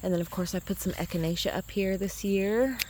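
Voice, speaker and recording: A woman's voice: mid-range voice, brisk, a little mellow, a little hiss or hum. Chatty woman touring her garden outdoors. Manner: chatty, rambling, self-correcting. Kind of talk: casual garden tour chat.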